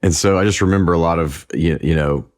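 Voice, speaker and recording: Very deep-voiced man telling stories. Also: fast. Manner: relaxed storytelling with restarts. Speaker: singer-songwriter guest. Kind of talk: conversational interview.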